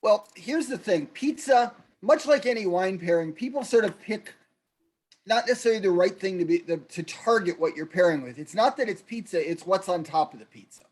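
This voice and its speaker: A man's voice: sits high, expressive, brisk, a little mellow. A man hosting a casual wine talk on a video call, explaining pairings with frequent restarts. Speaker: wine presenter.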